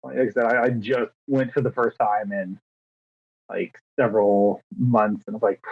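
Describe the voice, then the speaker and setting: This podcast co-host, a man of thirty, keeps the chat casual and rambling, poking fun at himself and playing out small back-and-forths. He speaks at a normal pace in a lowish, steady voice that's creaky and slightly rough. The lo-fi audio is dull and dry.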